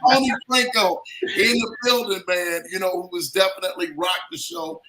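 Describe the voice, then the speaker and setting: A man's voice: high voice, animated, normal speed, a loud crowd, low-quality recording. A man hosting a show, wrapping up in a hyped casual chat and saying "man" all the time. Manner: hyped, repeats "man" constantly, laughing. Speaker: podcast host.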